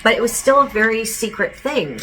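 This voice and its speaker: A woman's voice: fairly high pitch, animated, brisk, pushed and bright, a little hiss or hum, low-quality recording. A woman giving a casual channeled psychic reading, rambling and relaying quotes with frequent "he goes". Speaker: psychic medium.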